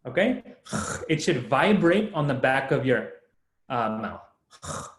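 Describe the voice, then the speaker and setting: A young man with a medium-pitched, sing-song voice teaches a Sanskrit class over a video call, speaking slowly. He explains patiently step by step and laughs often, in an echoey room.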